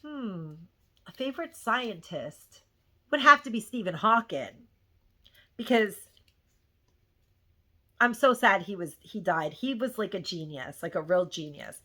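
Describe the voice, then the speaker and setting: A woman's voice: medium pitch, expressive, a little slow, long pauses, a bit bright. A middle-aged woman vlogger chatting casually through a haul, gushing and rambling with plenty of "like" and "um".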